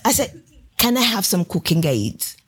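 A woman's voice: medium pitch, moderate pace, slightly rough. A woman with a Ugandan English accent, a guest author telling stories with lots of laughter in a podcast interview. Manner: animated anecdotal telling, laughs often.

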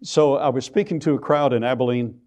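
This creationist lecturer is an older man from Texas whose medium-pitched voice has a darkish tone. Speaking at church in a homespun storytelling style, he leans on key words by stretching them out slowly.

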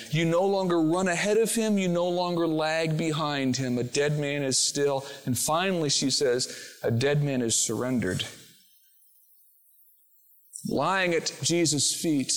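A man delivers a sermon from the pulpit, his voice sitting a little higher than most. He shifts between quiet, slow reflection and rising, emphatic declarations as he preaches. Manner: rises from hushed, slow reflection to fervent, emphatic proclamation. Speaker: pastor.

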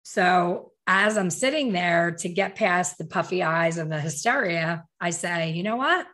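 A middle-aged woman tells a personal story with a slightly low voice. She is candid and emotional, and often corrects herself mid-sentence with quick asides. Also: a bit bright. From Philadelphia.

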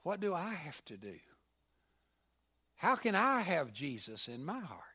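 Brief: man doing a domineering slave owner in a retold sermon story, raised high and loud, slow. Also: big pitch swings, husky, full character voice. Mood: pleading. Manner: loud, pressing, incredulous. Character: proud, harsh male slave owner demanding answers.

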